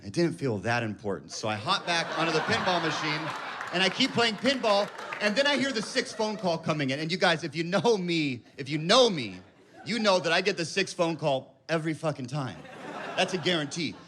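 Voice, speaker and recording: A man's voice: a little high, animated, brisk, a crowd in the background. A man in his thirties telling a rambling, self-mocking story as a stand-up comedian on a club stage. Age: 30s.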